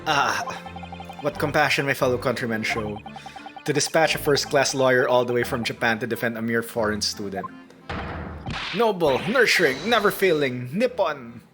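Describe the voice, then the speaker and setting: A man voicing an excitable young male scholar who speaks in grand, alliterative outbursts, over game music. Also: medium pitch, moderate pace, close to an everyday voice. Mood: gushing. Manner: theatrical, grandly wordy.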